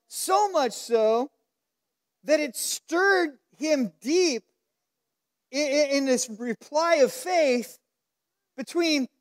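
A male pastor preaching a sermon at a church service, telling Bible stories with lively, acted-out quotes. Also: very high voice. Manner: animated storytelling, acts out quoted lines.

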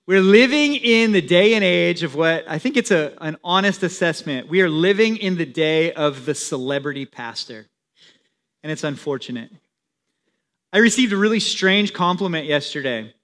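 Young guy pastor preaching like he's just talking, higher voice, pretty bright. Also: animated, moderate pace. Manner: plain conversational preaching. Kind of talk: sermon.

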